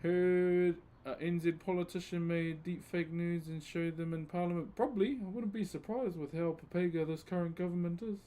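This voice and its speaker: A man's voice: sits high, steady tone, moderate pace, few pauses, warm tone. A laid-back man from New Zealand with a New Zealand accent, chatting casually with his live-stream viewers while he carves wood and calling them bro.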